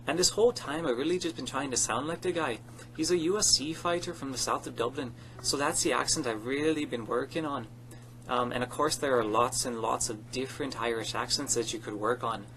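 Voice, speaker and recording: A man's voice: mid-range voice, fairly bright tone, slight background noise. A young man vlogging casually into his webcam at home, upbeat and self-deprecating as he talks about learning an accent. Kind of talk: casual self-recorded vlog. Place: home at night.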